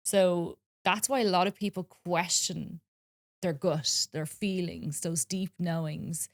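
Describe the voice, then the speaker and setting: A woman talking earnestly in a casual podcast chat, telling stories with many pauses and ums. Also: low-pitched, dry recording, clean studio sound. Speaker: spiritual wellness guest.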